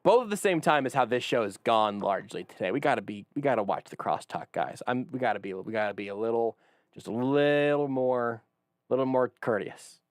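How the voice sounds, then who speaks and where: A man hosting a sports talk radio show, leading the banter with wry, animated jokes. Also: mid-range voice, brisk, dry recording. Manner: animated, wry, leads the conversation.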